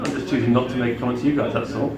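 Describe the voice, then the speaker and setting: A male police sergeant at a front counter answering calmly, apologetically and evasively. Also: mid-range voice, racing, crowd noise. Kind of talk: front-desk exchange. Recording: echoey lobby, off-mic, busy background.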